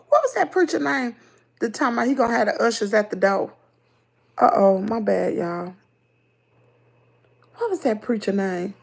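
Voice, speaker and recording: A middle-aged woman with a Southern American accent hosts a livestream, chatting casually and reading viewer comments in a lively, talkative way. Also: mid-range voice, normal speed, vocal fry, long pauses. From Southern United States. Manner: chatty, animated, laughs easily. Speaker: livestream host.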